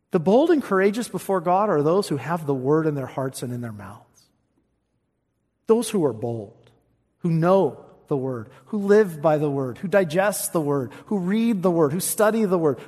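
A man preaching a sermon, reading scripture with emphasis and rising high on the quoted verses. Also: a little mellow. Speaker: pastor. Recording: long reverb of a large hall.

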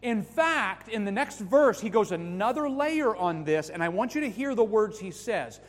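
A man preaches with insistent emphasis, his fairly high voice rising on key words and dropping to near hushes. The sermon rings out through a large hall with a long, lingering reverb. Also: animated, moderate pace. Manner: emphatic, swings from loud to hushed. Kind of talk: sermon to young people.

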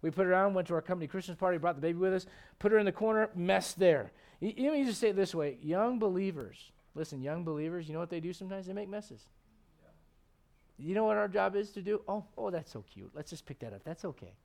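A man in his thirties, a pastor preaching a lively, conversational sermon with frequent restarts. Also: high voice, fast, vocal fry.

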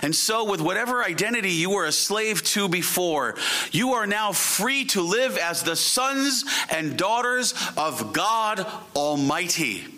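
A man preaching an evening sermon and leading a closing prayer, emphatic and drawing out key phrases slowly. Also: sits high, lively intonation, bright, forceful tone. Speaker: pastor.

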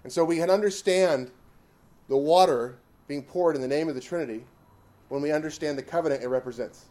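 Man with a fairly high voice, Bible teacher, emphatic, drives points home with repetition. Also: a little fast, warm tone. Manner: emphatic, with rhetorical questions and repetition. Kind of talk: catechism teaching.

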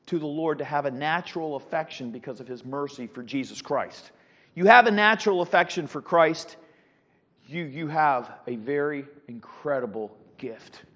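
A middle-aged man teaching a Sunday school class, animated, with rhetorical questions and frequent restarts. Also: fairly high pitch. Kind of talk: Bible teaching. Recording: dull lo-fi sound with long hall reverb.

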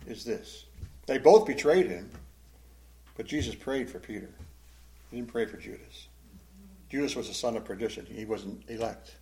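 A man teaching a Bible class as a pastor, emotive, swinging between loud emphasis and hushed, sad tones. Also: medium pitch, low-quality recording.

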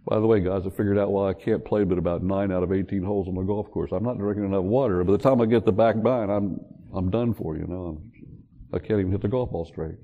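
An older man preaching a sermon, telling the story in an animated way and joking with the congregation. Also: sits low, quick pace, phone-quality sound. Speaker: pastor. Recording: long hall reverb.

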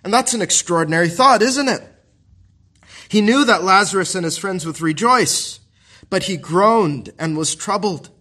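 Guy preaching a sermon, higher voice, earnest and pastoral, keeps asking rhetorical questions. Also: bright, forceful tone.

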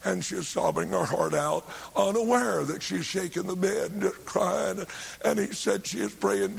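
Unhurried and fervent, an older preacher recounts a revival story in a raspy, gravelly voice that sits high for a man. When he quotes the people in it, he rises to shouting.

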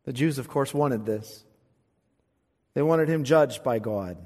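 A man preaching an expository sermon, swinging from quiet, low asides to loud, fervent recitation of scripture. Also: takes it slowly. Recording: long hall reverb.

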